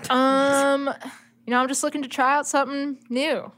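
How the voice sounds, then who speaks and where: A woman's voice: high voice, flat delivery, moderate pace, fairly bright tone. A woman playing a tabletop game, answering in character in a laid-back, offhand way.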